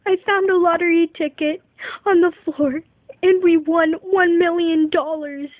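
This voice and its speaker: A woman's voice: fairly high pitch, level tone, measured pace, no room sound, close to an everyday voice. A woman voicing a loving, struggling mother in a home-made pet-toy story, quoting her in her own voice. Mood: excited. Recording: tinny phone-like recording, faint hiss.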